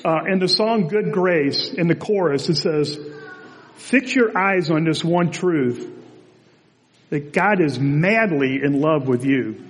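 A man's voice: fairly high pitch, takes it slowly. Man preaching in a reverberant church. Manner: relaxed, chatty storytelling delivery. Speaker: pastor. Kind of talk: conversational sermon. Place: church sanctuary.

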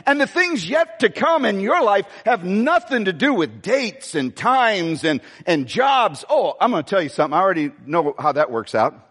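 An older man preaching a sermon as pastor, emphatic and folksy, with sudden swings in pitch. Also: sing-song, normal speed, hardly any pauses, a bit bright, slightly rough, in a large hall. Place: church sanctuary.

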